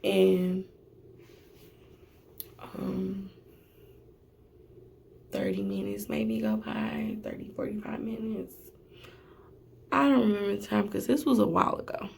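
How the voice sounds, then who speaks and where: A young woman who works at a testing center, telling a storytime vlog in an animated, sassy way with slangy asides. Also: medium pitch, takes it slowly, vocal fry, long pauses, a little hiss or hum.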